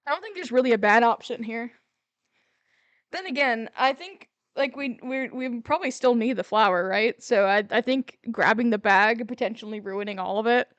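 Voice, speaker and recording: A woman streamer reading and reacting to a dating sim live, expressive and animated. Her voice sits fairly high. The mic is close and dry. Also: moderate pace, dry recording, dull audio.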